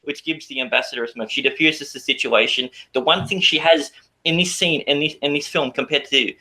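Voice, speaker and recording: A man's voice: a little high, a little fast, pushed and bright, rough recording. A man debating casually on a podcast, argumentative and often repeating words as he restarts his points.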